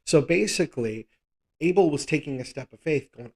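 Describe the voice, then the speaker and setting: A man's voice: fairly high pitch, animated, normal speed, a little mellow. A man teaching a live Bible study, conversational and thinking aloud, often checking in with rhetorical questions.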